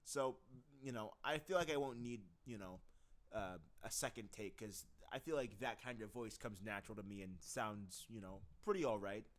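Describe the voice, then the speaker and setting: A man's voice: on the low side, moderate pace, few pauses. A man casually talking through his voice acting practice, rambling and self-deprecating as he laughs at himself. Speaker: voice acting hobbyist.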